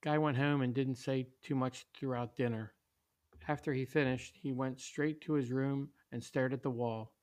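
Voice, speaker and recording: A man reading a story aloud in a steady, plain way, with small slips. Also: mid-range voice, moderate pace. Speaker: narrator.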